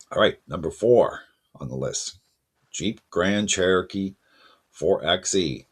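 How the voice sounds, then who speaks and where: Very deep husky-voiced man. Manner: conversational, self-correcting, addresses viewers as folks. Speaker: car news channel host. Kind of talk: casual spoken commentary to camera.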